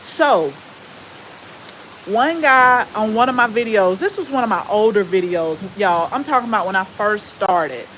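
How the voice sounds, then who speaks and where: A woman with a Southern US accent and a relaxed drawl, chatting casually with viewers as the host of a gardening channel. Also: medium pitch, unhurried, slight background noise, rough recording. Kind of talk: casual live-stream chat with viewers.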